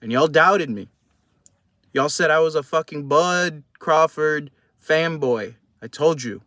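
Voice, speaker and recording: A man's voice: on the high side, slow pace, pushed and bright, no echo, clean studio sound. Profane, heated young man vlogging boxing. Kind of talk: casual post-fight commentary.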